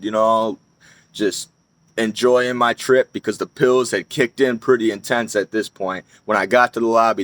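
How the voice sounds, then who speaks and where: A man's voice: on the low side, fairly bright tone, no room sound. A young man telling a personal story in a casual, rambling way, swearing often and restarting his sentences. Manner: rambling, profane, frequent fillers and restarts.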